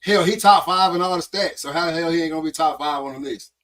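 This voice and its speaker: A man co-hosting a casual sports podcast, his voice sitting a bit higher than most men's. He talks bluntly in loose slang and often mocks what he is talking about. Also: fast, fairly bright tone, poor audio. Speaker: podcast co-host.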